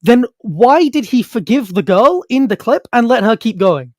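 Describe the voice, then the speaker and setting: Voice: mid-range voice, sing-song, moderate pace, no echo, studio quality. A podcast co-host arguing in casual chat, mocking and teasing, chanting taunts. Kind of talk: heated casual debate.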